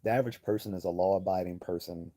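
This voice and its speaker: A man's voice: low voice, steady tone, fast, warm tone. A man hosting a livestream, giving blunt, profane, rambling commentary and reading chat messages aloud. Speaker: livestream host.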